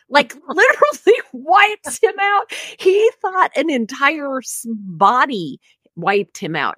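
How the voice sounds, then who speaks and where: Lively, laughing woman podcast co-host. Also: sits high, dry recording. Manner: animated, laughing often, with self-interruptions. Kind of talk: casual storytelling.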